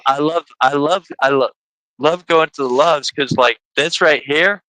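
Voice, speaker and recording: A man's voice: fairly high pitch, normal speed, pushed and bright, a little hiss or hum, low-quality recording. A man hosting a casual livestream chat, rambling and laughing as he talks. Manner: chatty, laughing, stumbling restarts. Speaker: host.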